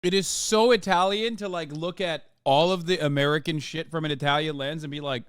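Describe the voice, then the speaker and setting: A male streamer reacting live, animated and full of swearing. His voice sits a bit high and comes through smooth and resonant, recorded dry and close. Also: a little fast, few pauses, no echo. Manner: animated, profane, ranting. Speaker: streamer host.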